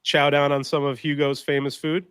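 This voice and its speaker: A man co-hosting a casual chat, easygoing and quick to laugh along. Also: fairly high pitch, level tone, fairly bright tone, clear, resonant tone, no echo, clean studio sound.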